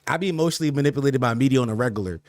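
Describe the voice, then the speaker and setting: A man's voice: mid-range voice, racing, dry recording, studio quality. A young man hosting a livestream podcast, talking loosely in slang and reacting to chat with laughs.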